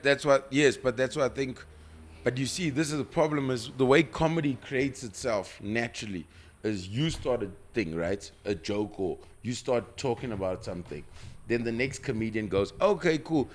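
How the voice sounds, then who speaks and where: A man's voice: mid-range voice, normal speed. A man from South Africa hosting a casual podcast chat, talking through his points at length with restarts. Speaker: podcast host.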